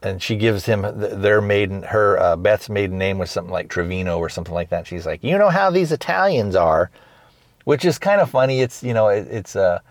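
A man's voice: low-pitched, a little fast, few pauses, no echo. A man hosting a podcast, retelling scenes in a loose rambling way with many restarts and acted-out quotes. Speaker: podcast host reviewing a film. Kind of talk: casual recap.

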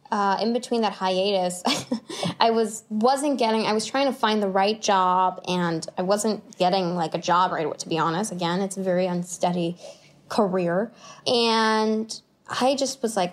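A woman actor telling stories in an interview, animated, laughing often and acting out her own past thoughts. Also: mid-range voice, normal speed. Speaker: actor guest. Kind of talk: conversational interview storytelling.

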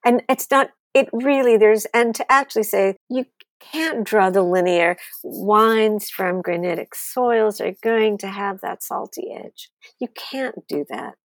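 A woman, a wine author telling candid stories as an interview guest, blunt and animated, acting out what people said. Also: mid-range voice, a little slow, dry recording. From United States. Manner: blunt, animated storyteller who swears and acts out quotes.

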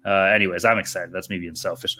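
Hockey podcast dude, pumped up, cusses a lot, bright punchy voice. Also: male voice, deep voice, fast talker. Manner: excitable, swears a lot, says dude. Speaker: podcast co-host. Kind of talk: casual sports betting podcast chat.

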